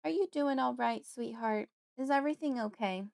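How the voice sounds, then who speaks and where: A woman reading an audiobook, voicing a wary, suspicious woman friend who asks insistent questions in a higher voice. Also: normal speed, vocal fry, a little mellow. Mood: soft coaxing.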